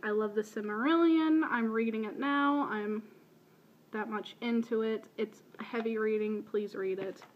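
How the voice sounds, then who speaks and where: A little high and a little slow, the voice belongs to a Baltimore video blogger in her early twenties answering questions casually in a voice meme. She's self-deprecating, with a light Baltimore accent that drifts, and the audio sounds dull.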